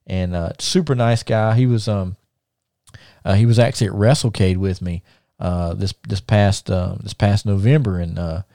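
A man's voice: fairly low pitch, moderate pace, creaky, dark tone, no room sound, clean studio sound. A man who hosts a podcast, telling rambling stories, repeating words and laughing at them. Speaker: podcast host and former wrestler. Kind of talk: casual storytelling.

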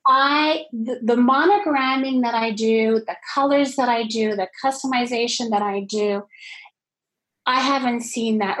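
A woman's voice: on the high side, low-quality recording. A middle-aged woman from Canada, a business founder, talking as a guest in a podcast interview and telling stories animatedly. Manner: animated storyteller, acts out phone chats with friends.

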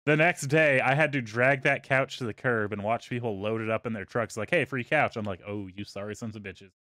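A man hosting a podcast, telling a story in a relaxed, profane way and trailing off into quiet asides. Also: mid-range voice, fairly quick. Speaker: podcast host. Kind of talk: casual storytelling.

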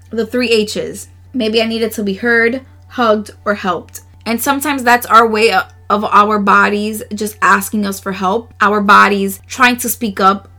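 A woman's voice: medium pitch, pushed and bright. A woman hosting a casual solo podcast, reading oracle cards aloud in an earnest, emotional way with frequent laughs and slangy asides. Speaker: podcast host.

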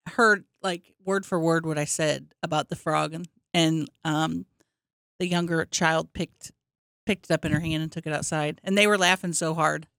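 A woman's voice: deep voice, steady tone, moderate pace, vocal fry, fairly bright tone, smooth, no room sound, clean studio sound. A woman co-hosting a podcast in casual chat, easygoing, laughing often and swearing. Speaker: podcast co-host.

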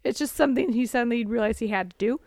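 A young woman co-hosting a podcast, casually retelling a story in a lively way and slipping into quick silly voices. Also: a little high, dry recording, clean studio sound. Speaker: podcast co-host. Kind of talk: casual chat recapping a story.

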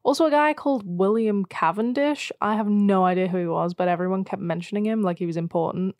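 A woman's voice: mid-range voice, fast, darkish tone, no room sound. Giggly young woman, very dry sound. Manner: chatty, giggly, self-deprecating. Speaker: podcast co-host. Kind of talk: casual chat.

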